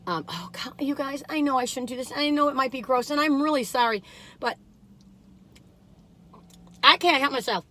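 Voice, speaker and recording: Older woman, gushing and chatty, high bright voice, talking in a car. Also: animated, moderate pace, pauses often. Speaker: vlogger tasting cookies. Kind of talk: casual chat. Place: inside a parked car.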